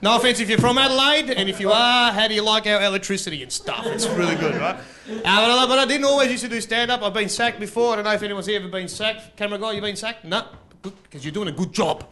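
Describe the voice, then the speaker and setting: A loose, chatty man doing stand-up on stage. His voice sits high and bright, and he often laughs at his own jokes while he works the crowd. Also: quick pace. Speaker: stand-up comedian. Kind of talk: live stand-up comedy. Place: live comedy stage.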